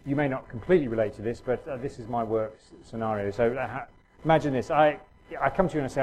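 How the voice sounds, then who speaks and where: A middle-aged man preaches in a relaxed, conversational way, stumbling through restarts and fillers as he talks to the congregation. His pitch sits in an ordinary middle range. A faint noise runs under the recording. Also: quick pace, rough recording. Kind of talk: sermon.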